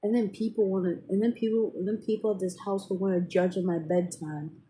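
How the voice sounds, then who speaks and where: A woman's voice: medium pitch, steady tone, a little fast, dark tone, slight background noise, rough recording. A woman venting in a casual, rambling way to her viewers, with many fillers and restarts. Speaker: vlogger. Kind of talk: casual personal venting to camera.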